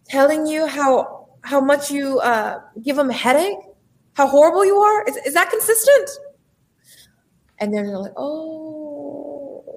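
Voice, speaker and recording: A woman speaking as a life coach and entrepreneur, giving an emphatic motivational talk and acting out the voices in people's heads. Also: on the high side. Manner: animated, emphatic, acts out inner voices.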